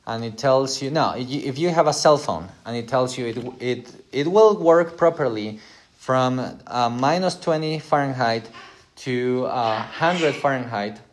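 A man's voice: medium pitch, unhurried. A middle-aged man preaching a conversational sermon, speaking directly and asking his listeners rhetorical questions.

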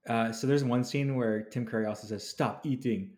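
A man's voice: medium pitch, steady tone, fairly quick, a little mellow. A man in a casual group chat, hesitant and rambling.

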